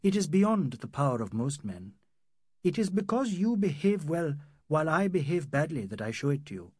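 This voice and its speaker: A man puts on a young Indian doctor in an audiobook, speaking high and husky. His lines swing widely in pitch and carry both irony and earnest appeal. The recording is dry and close. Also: very animated, normal speed, a little mellow, dry recording. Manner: sardonic, then earnest and pleading. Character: young male Indian doctor, emotional and proud.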